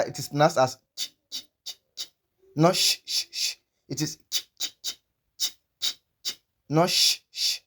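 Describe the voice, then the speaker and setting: A man from Nigeria teaching pronunciation, patiently explaining and repeating example words over and over. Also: medium pitch. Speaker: language teacher.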